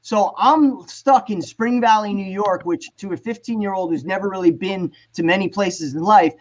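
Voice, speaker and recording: A man, telling animated, profane stories as a guest on a video call. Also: sits high, moderate pace, highs cut off. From New Jersey. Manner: animated, profane storyteller, acts out quotes. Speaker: guest musician. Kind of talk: casual storytelling on a video call panel.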